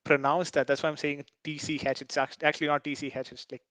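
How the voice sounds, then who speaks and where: A man's voice: fairly high pitch, level tone, fast talker, a bit bright, no echo. A man chatting as a guest on a live stream, hesitant and full of fillers. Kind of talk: casual chat on a live stream.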